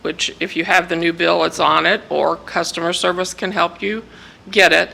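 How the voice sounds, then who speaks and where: A woman's voice: fairly low pitch, steady tone, moderate pace, vocal fry, bright, forceful tone, slight background noise, poor audio. A woman presenting a project timeline at a city meeting, hesitant and explanatory. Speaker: staff presenter.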